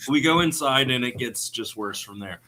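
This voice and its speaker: Chill guy telling a story on a podcast, bright voice, faint room noise. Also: medium pitch, animated, normal speed. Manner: laid-back storyteller, often laughing. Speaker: podcast co-host. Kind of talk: casual podcast chat.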